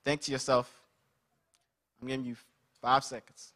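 A man's voice: mid-range voice, level tone, normal speed, pushed and bright. A man preaching an interactive sermon at a church service, calling out to the congregation and energetically asking them to respond.

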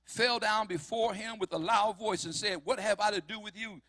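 Male preacher, high-pitched and emphatic, dry recording. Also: fairly even intonation, moderate pace, no echo. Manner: emphatic, rising to shouts on key lines. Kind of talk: sermon.

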